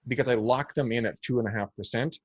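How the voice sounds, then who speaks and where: In a dry recording, a medium-pitched American man talks at a quick pace. He's being interviewed on a podcast as a guest real estate agent, and he's blunt, emphatic and snarky, frequently repeating himself.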